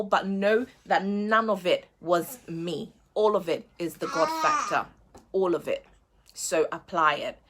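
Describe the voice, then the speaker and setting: A woman hosting a faith-based motivational show, speaking earnestly and repeating key phrases for emphasis. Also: mid-range voice.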